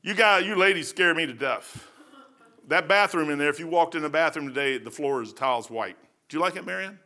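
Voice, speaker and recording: A man's voice: a little high, expressive, brisk, sharp tone. A middle-aged man from Kentucky giving a folksy, conversational sermon, often saying "man". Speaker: preacher. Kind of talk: informal sermon.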